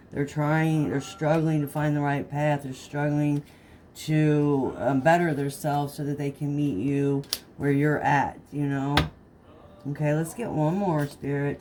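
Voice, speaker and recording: Woman tarot reader, low voice, mellow tone, relaxed first-person channeling, faint hiss behind. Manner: speaks messages in first person as the partner; frequent um and right. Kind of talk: intuitive tarot reading.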